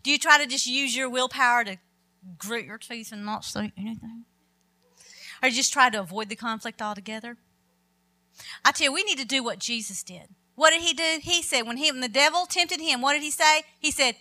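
A woman's voice: high-pitched, brisk, bright, forceful tone. A middle-aged woman preaching a sermon, emphatic and quoting scripture with rising force.

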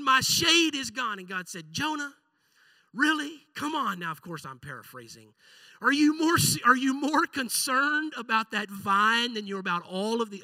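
A pastor from Central Texas preaching a sermon in a conversational way, with frequent asides and tag questions. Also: male voice, high-pitched, pushed and bright, dry recording, poor audio. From Central Texas, USA.

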